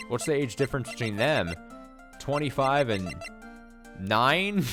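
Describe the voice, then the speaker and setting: A man hosting a let's play, rambling and thinking aloud as he reacts to the game. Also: on the low side. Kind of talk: casual gameplay commentary. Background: game music.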